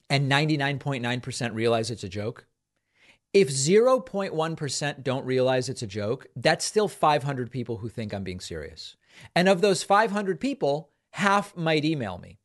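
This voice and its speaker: A man hosting a political talk show, speaking in an animated, conversational monologue with frequent restarts. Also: mid-range voice. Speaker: host.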